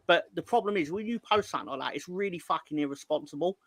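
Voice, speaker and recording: A man co-hosts a football fan show in casual chat, voice bright and fairly high. He tells stories with energy and swears freely. The sound is close and dry. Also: fast, no echo. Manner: animated storytelling, swears freely. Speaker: co-host.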